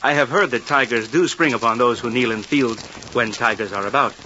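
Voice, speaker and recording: An actor playing a greedy, sly village mayor obsessed with taxes, who speaks in a pompous, knowing, formal way in an old radio drama. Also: male voice, medium pitch, a little fast, sharp tone, slight background noise, close to an everyday voice. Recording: dull lo-fi old radio recording.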